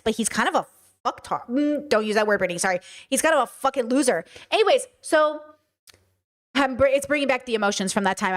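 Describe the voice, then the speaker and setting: A woman in her thirties hosting a podcast, telling a personal story in a casual monologue, acting out the dialogue and swearing freely. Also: on the high side. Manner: animated, acts out quoted dialogue, swears freely. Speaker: podcast host.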